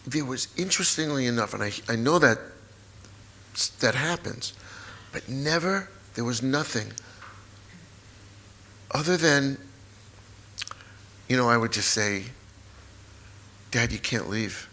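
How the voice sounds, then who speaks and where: Man in his sixties, memoir author, live stage conversation, halting, emotional, mid-pitched voice. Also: animated, pushed and bright. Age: 60s. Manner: halting, repetitive, openly emotional. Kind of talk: emotional personal storytelling on stage. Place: live talk event in a hall.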